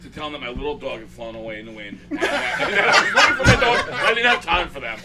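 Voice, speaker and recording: Man, fast excitable storyteller, off-mic, crowd chatter behind. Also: medium pitch, far from the mic. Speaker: show regular. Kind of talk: casual chat.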